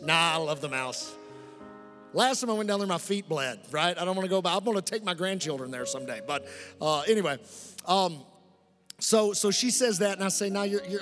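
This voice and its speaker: A middle-aged male pastor preaching a lively, humorous sermon and calling out to the congregation for amens. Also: high voice, brisk, soft background music. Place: church sanctuary. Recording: long reverb in a large hall.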